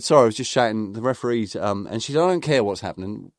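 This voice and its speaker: A man's voice: lowish voice, lively intonation, fast talker, hardly any pauses, no room sound, clean studio sound. A middle-aged man, a podcast co-host, telling rambling football anecdotes in casual chat, full of fillers and restarts.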